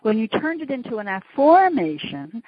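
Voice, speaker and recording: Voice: medium pitch, sing-song, normal speed, husky, no echo. A host interviewing a guest over a call, affirming often and summarizing his story. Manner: affirming, lots of backchannel. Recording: dry, dull lo-fi call audio.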